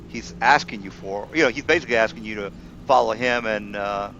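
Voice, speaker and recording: A man's voice: fairly low pitch, pushed and bright. Man, game master, hesitant, lots of uhs, dull lo-fi sound, faint hiss. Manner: halting, many fillers, voices the kobolds in quotes. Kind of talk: narrating a tabletop game. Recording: dull lo-fi home recording with faint noise.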